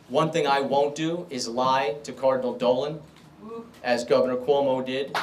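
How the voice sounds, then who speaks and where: A man's voice: mid-range voice, a little hiss or hum. A middle-aged man giving an emphatic rally speech and answering questions as a political candidate. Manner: emphatic, repetitive stump-speech delivery. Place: club meeting room.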